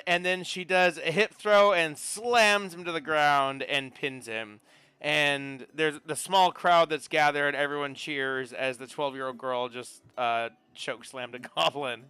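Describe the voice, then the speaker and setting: Bright, crisp game master man. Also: a little high, slow pace, no echo, soft background music. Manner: chatty, looks up rules aloud with restarts. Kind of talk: narrating a tabletop game.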